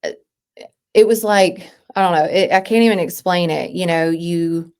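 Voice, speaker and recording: Speaking as a podcast guest, this thirtysomething woman has a smooth voice that is a little mellow and on the low side. The interview is emotional and personal. She talks in halting phrases that often restart or fade away.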